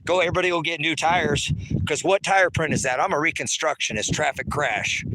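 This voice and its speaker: A man's voice: a little high, fairly quick, background noise. A man who hosts an online ministry, ranting and cursing outdoors on his rural property, recorded on a handheld phone camera. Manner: heated, cursing, repetitive. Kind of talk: angry profane outdoor rant to viewers.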